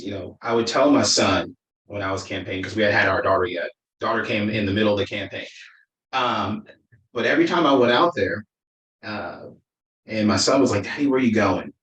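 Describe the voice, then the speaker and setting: A man's voice: lowish voice, normal speed, fairly bright tone. Earnest man, storytelling, roomy distant sound. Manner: earnest storyteller, loose rambling sentences. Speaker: former political candidate, guest. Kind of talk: casual interview conversation.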